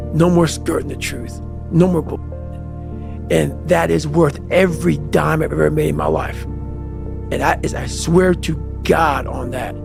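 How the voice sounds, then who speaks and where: Faint music plays behind a man who is guesting on a podcast and launching into an intense motivational monologue. He swears a lot and pushes his points hard with passion and emphasis. His voice is gravelly and a little high.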